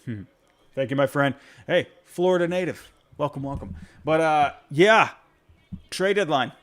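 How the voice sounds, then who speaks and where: Man, sports call-in host, fairly high voice, rambling, self-correcting, casual reaction talk. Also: a little slow. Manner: rambling, self-interrupting, animated. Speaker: podcast host taking fan calls.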